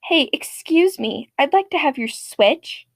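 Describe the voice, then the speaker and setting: A woman playing a rude, entitled mother who talks down to others in a sharp, condescending way. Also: high-pitched, animated, measured pace, vocal fry, no room sound, voice pushed up, heavily acted. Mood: haughty.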